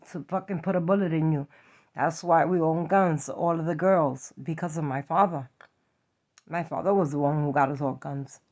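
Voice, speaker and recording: A woman's voice: fairly low pitch, darkish tone. A woman from New York with a New York accent, telling a personal story in a blunt, profane, emphatic way. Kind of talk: confessional story time. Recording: dull lo-fi audio.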